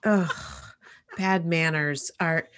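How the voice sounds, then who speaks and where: A woman on a casual talk panel speaks in a slightly low voice. Her delivery is wry and she leans heavily on filler words. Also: steady tone, takes it slowly, a bit bright. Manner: wry, uses many fillers like "like".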